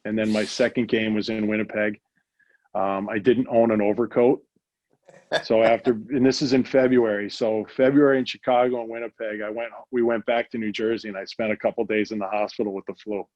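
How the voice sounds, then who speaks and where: A man's voice: lowish voice, flat delivery, brisk, darkish tone, no echo, muffled recording. A middle-aged American man telling hockey stories in a casual interview, rambling with many restarts and fillers. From United States. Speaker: guest, hockey executive.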